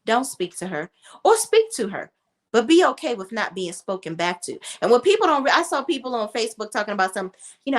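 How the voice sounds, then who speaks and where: Brief: emphatic, profane woman commentator, high, animated voice. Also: brisk. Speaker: reality TV commentator. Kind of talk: casual commentary.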